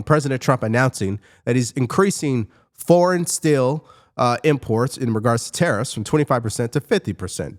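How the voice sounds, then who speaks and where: A man speaking to his viewers as a political commentary host. He talks with animated emphasis, and his pitch climbs as he presses each point. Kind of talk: opinionated commentary to camera.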